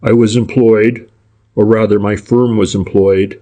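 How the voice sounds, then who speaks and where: A man's voice: lowish voice, little pitch movement, unhurried, mellow, natural voice. A man reading as a sly, civil private detective. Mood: deliberate. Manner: polite, deferential, roundabout. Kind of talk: audiobook character reading.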